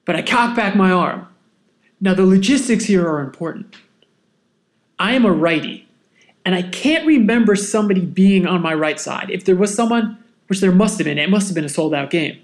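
Animated male podcast storyteller. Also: high voice, moderate pace. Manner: animated, self-mocking anecdote with laughs. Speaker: podcast host. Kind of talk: casual storytelling.

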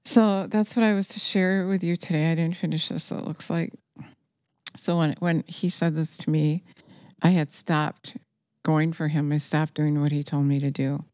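A woman with a fairly low voice delivers a sermon. She speaks earnestly and with urgency, pressing her listeners to act. The sound is close and dry, with almost no room echo. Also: a little mellow. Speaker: preacher.

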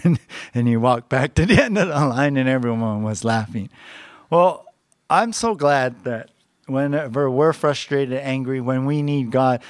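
A man's voice: mid-range voice, dry recording, clean studio sound. A man preaching a sermon in a conversational way, often adding "you know" and small laughs. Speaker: pastor.

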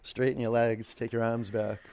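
A man's voice: medium pitch, flat delivery, moderate pace, a little mellow, clean tone. A man leading a live yoga class, calling out counts and motivating cues, with casual storytelling asides. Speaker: yoga instructor.

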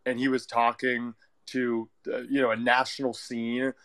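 Young man from the West Coast, casual caller, thinks aloud, mid-pitched. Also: flat delivery, a little slow, fairly bright tone. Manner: reflective, thinks aloud with restarts. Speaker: caller in an online audio room. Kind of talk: casual chat.

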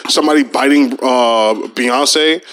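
A man's voice: medium pitch, a bit bright. A young man co-hosting a podcast, chatting casually with rambling stories, slang and frequent laughs. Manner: fast, rambling, laughs often, profane slang. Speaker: podcast co-host. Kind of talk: casual chat.

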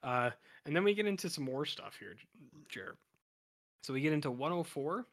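Bright-voiced man rambling through a recap. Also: on the high side, expressive, normal speed, no echo, clean studio sound. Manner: rambling, filler-heavy storytelling. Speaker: podcast co-host. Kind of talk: casual recap chat.

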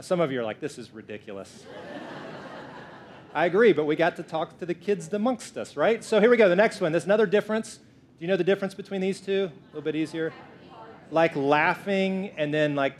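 Playful male pastor preaching. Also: on the high side. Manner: playful, lively, jokes with the congregation. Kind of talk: sermon. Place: church.

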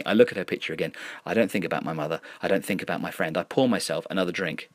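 A low-pitched man reads a dark first-person tale. His delivery stays measured and brooding, with an uneasy edge. The sound is dry and close to the mic, with no room around it. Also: no room sound. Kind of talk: first-person horror story reading.

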